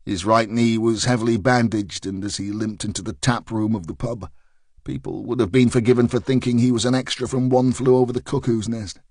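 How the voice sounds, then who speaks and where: A male narrator reads a mystery thriller in a steady, measured way, his voice at a middling pitch. The recording is dry and close, with no room sound at all. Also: no echo. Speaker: audiobook narrator. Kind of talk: scripted narration.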